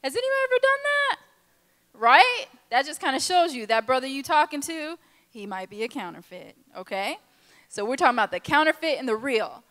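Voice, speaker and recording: A young woman speaking at a girls' conference, telling a lively personal story and acting out the people in it. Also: high voice, normal speed. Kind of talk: testimony talk to a youth audience. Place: large conference hall. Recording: reverberant hall.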